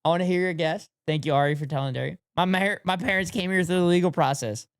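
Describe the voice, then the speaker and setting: A man streaming live, giving casual reaction commentary to his chat in an excitable way, repeating phrases and laughing often. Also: high voice, fast talker, clean tone, no echo, studio quality.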